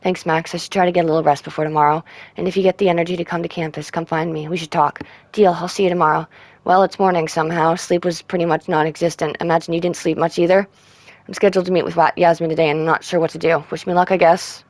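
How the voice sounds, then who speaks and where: A woman streamer reading out in-game text messages in a soft, subdued way. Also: fairly low pitch, little pitch movement, fast talker, no echo. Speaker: gaming streamer. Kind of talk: reading game texts aloud.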